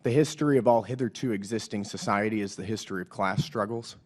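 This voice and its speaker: A man with a hoarse voice from a cold, a lawmaker questioning a witness at a hearing in blunt, pointed questions and reading quotes aloud. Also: fairly low pitch, fast talker. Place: hearing room.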